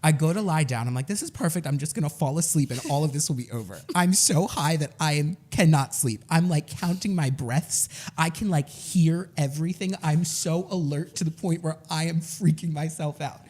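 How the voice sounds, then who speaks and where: A young man co-hosting a podcast, telling a story in a casual, animated way and laughing often. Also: fairly high pitch, normal speed, hardly any pauses, slightly rough. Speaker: podcast co-host.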